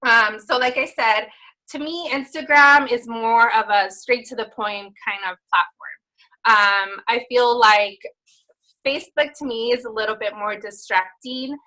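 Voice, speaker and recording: A woman's voice: on the high side, a little slow, bright, forceful tone, poor audio. A woman in her thirties who calls herself a Valley girl, giving a webinar talk with many fillers on a recorded call. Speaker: guest speaker.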